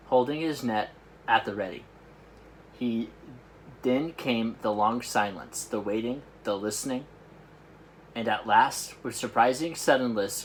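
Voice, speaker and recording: A man at a summer camp reading a children's book aloud in a lively, expressive way. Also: on the low side, a little hiss or hum, poor audio. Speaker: camp storyteller.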